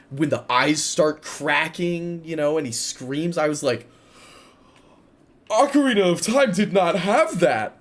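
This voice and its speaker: A man in his twenties telling a rambling story while commenting on his own gameplay, chatty and excitable, breaking off to react loudly. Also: on the high side, breathy edge. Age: 20s. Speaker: gaming video creator.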